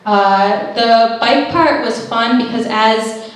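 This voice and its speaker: Young woman stand-up comic, high voice, self-deprecating, recorded from the back of a big echoey room. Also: slow pace, slight background noise. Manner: self-deprecating, animated voices for quoted people. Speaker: stand-up comedian. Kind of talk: stand-up comedy set. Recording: roomy echo, heard from a distance.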